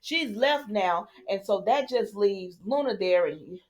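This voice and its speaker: A woman's voice: medium pitch, animated, a little slow, darkish tone. A young woman, casually recapping a soap opera and talking straight to her viewers with opinions.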